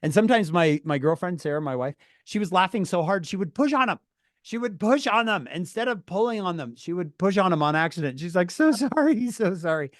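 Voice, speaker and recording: A man telling a story to his viewers, animated and laughing through his words, calling on chat by name. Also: high-pitched, brisk, no room sound, clean studio sound. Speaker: streamer talking to viewers. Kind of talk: casual storytelling.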